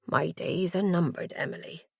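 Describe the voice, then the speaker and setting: Woman narrator voicing Cornish mum, ailing but cheerful, soft low delivery, dry audiobook sound. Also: lively intonation, a little fast, no echo. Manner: soft, lowered voice. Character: ailing older mother, cheerful and gentle.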